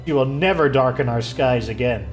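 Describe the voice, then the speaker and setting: Formal old lord from a mech game, a guy reading it, measured, faint music under. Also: medium pitch, pitched below the performer's own voice, lightly acted. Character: grieving older nobleman, formal and honorable. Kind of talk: reading game dialogue aloud.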